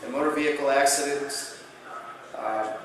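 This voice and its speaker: A man giving a conference lecture, telling patient stories in an animated way and acting out the dialogue. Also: mid-range voice, moderate pace, a crowd in the background. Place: large conference hall. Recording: echoey hall from far off.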